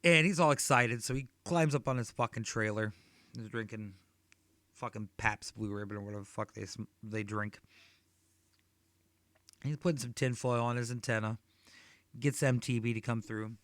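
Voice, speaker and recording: A man's voice: medium pitch, steady tone, moderate pace, pauses often, fairly bright tone, no echo. A man in his thirties doing a stand-up set, telling rambling, profane stories. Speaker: stand-up comedian.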